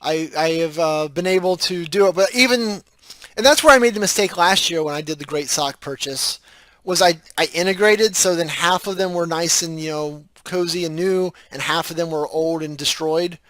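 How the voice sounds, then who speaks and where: A man's voice: fairly high pitch, moderate pace, a bit bright, dry recording. A man co-hosting a tech podcast, easygoing and teasing in casual chat. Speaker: podcast co-host.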